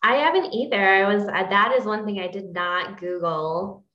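A woman's voice: medium pitch, normal speed, sharp tone. Easygoing woman in a roomy, dull recording. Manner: easygoing, agreeable, laughs often. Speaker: podcast co-host. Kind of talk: casual book-club chat.

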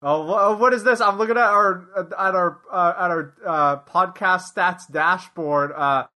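A man's voice: high voice, unhurried, bright, forceful tone. A man co-hosting a podcast in casual chat, making dry, wry remarks. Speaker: podcast co-host.

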